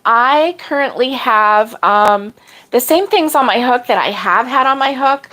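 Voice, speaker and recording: A woman hosting a casual crochet livestream, chatting as she reads out viewer comments, with drawn-out exclamations. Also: a little high, lively intonation, bright, forceful tone.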